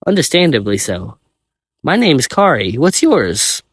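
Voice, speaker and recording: A man voicing a gentle, friendly young woman. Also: medium pitch, big pitch swings, measured pace, breathy edge, no room sound, clean studio sound, voice pushed up. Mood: kind.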